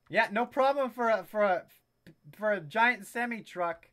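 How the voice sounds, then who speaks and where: A young adult commenting on a video game in a comedic let's-play style, with loud, excitable exclamations, frequent swearing and sarcastic asides. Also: mid-range voice, a little slow. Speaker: gameplay commentator.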